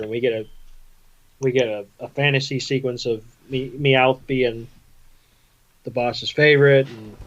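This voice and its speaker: A man's voice: mid-range voice, muffled recording. A man co-hosting a podcast, casually recapping a cartoon episode in a laid-back storytelling way. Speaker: podcast co-host.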